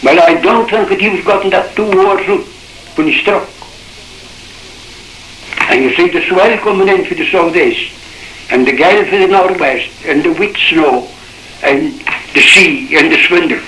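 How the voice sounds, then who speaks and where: A man's voice: sits high, moderate pace, long pauses, bright, forceful tone, slight background noise. An older man with a Shetland accent recounting his memories in oral-history style, rambling in dialect with many restarts, on a roomy old cassette recording. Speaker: shipwreck survivor.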